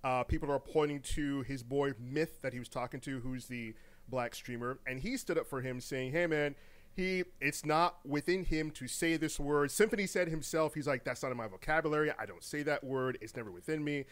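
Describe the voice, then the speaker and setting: A man co-hosting a gaming news podcast in casual, animated chat, laughing often, repeating words and using slang. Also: medium pitch, moderate pace. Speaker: podcast co-host.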